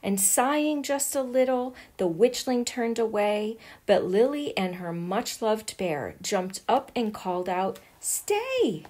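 A woman reading a rhyming picture book aloud in an unhurried, sing-song delivery. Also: medium pitch, a little mellow. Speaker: storyteller.

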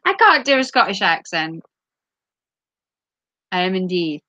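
A woman's voice: fairly low pitch, very animated, a little slow, pauses often, bright, forceful tone, no echo, highs cut off. A woman from Norfolk chatting playfully with viewers on a casual live stream. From Norfolk, England.

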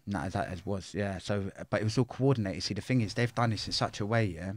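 A man's voice: lowish voice, quick pace, dry recording. A middle-aged man, telling his life story bluntly in an interview, full of swearing and street slang. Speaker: interview guest.

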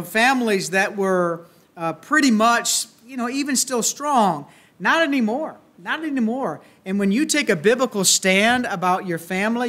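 A man's voice: high-pitched, a bit bright. A grandfatherly man with a Southern US accent, preaching a sermon in a folksy, earnest way with many restarts. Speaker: pastor.

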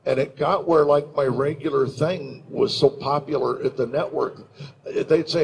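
An older man speaks into a handheld mic at a convention panel, his voice gravelly and worn. He tells stories with animation and slips easily into announcer tones. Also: fairly high pitch, fairly even intonation, a little slow, noisy background. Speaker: voice actor and panel guest. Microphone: handheld microphone.

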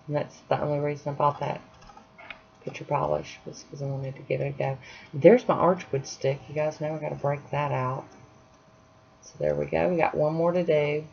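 Chatty home nail vlogger: a woman with a low voice, unhurried and self-deprecating, on a dull lo-fi track. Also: steady tone, vocal fry. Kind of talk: casual tutorial chat. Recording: dull lo-fi sound, faint hiss.

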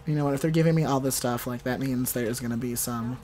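A young adult gaming host delivers playful, chatty let's play commentary in a fast, mid-range voice, with a little hiss or hum audible. The host talks back to game characters and erupts into excited shouts during fights.

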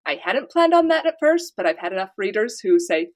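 A woman's voice: medium pitch, sing-song, fairly quick. A woman from the United States, an author, chatting casually in an interview and telling stories with light laughter. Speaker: author guest.

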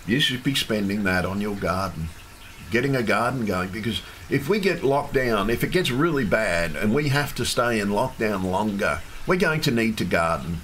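A man's voice: lowish voice, animated, moderate pace, fairly bright tone. Angry ranting Australian man. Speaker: protester. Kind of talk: home video rant. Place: home. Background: fish tank hum.

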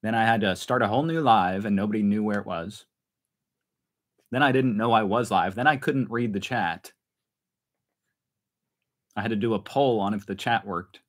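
A man's voice: fairly low pitch, normal speed, long pauses, low-quality recording. A man hosting a casual live stream from home, chatty and self-mocking, laughing often. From United States. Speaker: channel host.

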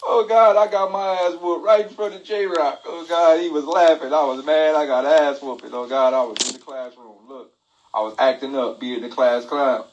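Man host, comic storyteller, lively, somewhat high voice, phone-live feel. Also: normal speed, lo-fi sound, a little hiss or hum. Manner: animated, laughing, repetitive exclamations. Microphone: phone mic.

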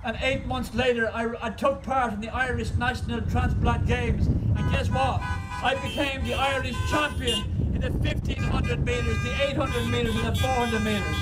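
High-voiced man preaching outdoors. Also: fairly even intonation, moderate pace, far from the mic, over loud music, low-quality recording. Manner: impassioned storytelling preacher. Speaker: guest preacher. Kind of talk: sermon. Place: outdoor car park service.

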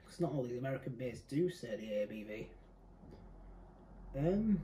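This young UK man sounds animated, with a medium-pitched, dark voice at normal speed and frequent pauses. The recording is low quality with slight background noise. He rambles casually through a beer tasting, chatty and often fixing himself mid-sentence.

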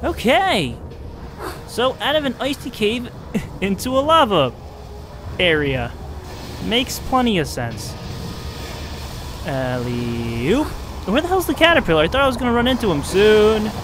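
A man commentating his playthrough of a game, excitable, swinging from muttering to yelling. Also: sits high, normal speed, pauses often, noisy background. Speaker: gaming video host. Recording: music from the game behind the voice.

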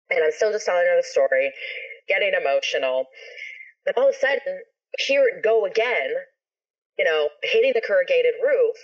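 On a dull, lo-fi video call, a woman guest who is a ska musician and actor tells a story in casual chat. She's animated, swears freely, and acts out what people said, speaking at normal speed with a fairly low pitch.

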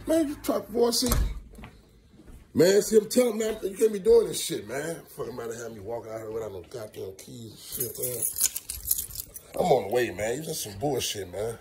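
A young man ranting loudly and comically, swearing and exasperated, talking from outdoors and in a car. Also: mid-range voice, moderate pace, background noise. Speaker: comedian. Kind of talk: profane comedic rant.

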